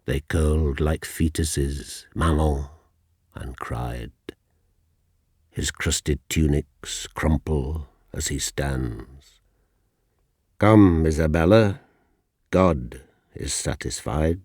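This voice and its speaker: Male poet, husky, unhurried delivery. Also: extremely low pitch, darkish tone, dry recording, clean studio sound. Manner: slow, deliberate, dropping to near-whispers. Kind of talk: poetry reading.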